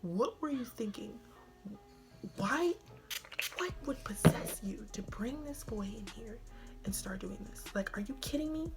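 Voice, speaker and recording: A woman voicing an exasperated mother who scolds her teenage daughter in a hushed voice. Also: on the high side, expressive, unhurried, loud music behind the voice. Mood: angry.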